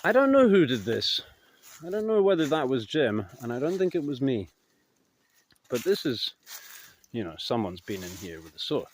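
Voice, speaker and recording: A man telling stories in a casual vlog, rambling and hesitant, his voice trailing off softly at the ends of thoughts, recorded outdoors in woods. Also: medium pitch, very animated, moderate pace, pauses often, slight background noise. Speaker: vlogger. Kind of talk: casual anecdotal storytelling.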